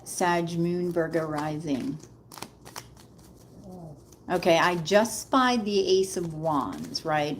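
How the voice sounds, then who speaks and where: A woman's voice: on the low side, a little hiss or hum. A woman giving a casual live tarot reading, chatting directly to viewers and calling them Queen. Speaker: tarot reader.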